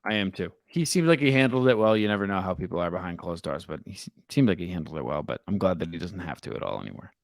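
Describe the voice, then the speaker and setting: A young man co-hosting a casual sports podcast, telling stories in a relaxed way. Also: low voice, fast talker, vocal fry, hardly any pauses, no room sound, studio quality. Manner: relaxed storyteller. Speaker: podcast co-host.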